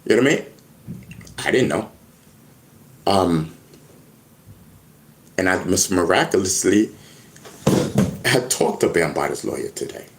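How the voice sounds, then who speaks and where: A man talks through hip hop news on a live stream, his pitch swooping up and down as he goes. He rambles, stumbles over repeated words and addresses his chat directly. He sounds close to a desk mic at his computer. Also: sing-song, measured pace, long pauses, a little hiss or hum, low-quality recording. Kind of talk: casual live-stream commentary.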